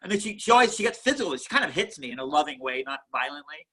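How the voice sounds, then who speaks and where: A man who founded a museum chats in an interview at home, an animated storyteller who repeats and restarts his words. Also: a little high, very fast. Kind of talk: casual interview chat.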